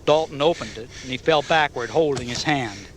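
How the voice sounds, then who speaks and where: A man narrating an audiobook novel in a measured, even storytelling manner. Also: mid-range voice, slight background noise.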